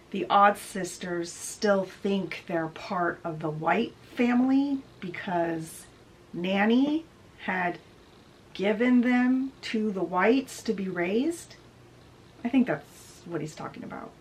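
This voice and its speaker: A woman's voice: mid-range voice, slight background noise, poor audio. A woman hosting a book video, chatty and digressive as she retells a story in a casual summary.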